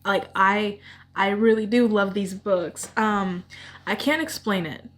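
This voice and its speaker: A woman's voice: mid-range voice, slow. Woman, book vlogger, casual chat, gushing, rambling, emotional.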